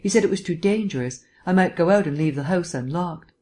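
Reader doing a jittery housekeeper woman, middle-aged, deferential, plain-spoken, mid pitch. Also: a little fast, a little mellow, close to an everyday voice. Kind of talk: audiobook reading.

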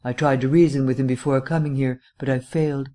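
A man voicing a languid, foppish gentleman detective with a drawling, affected upper-class wit. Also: medium pitch, steady tone, fairly quick, close to an everyday voice. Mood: airy drawl.

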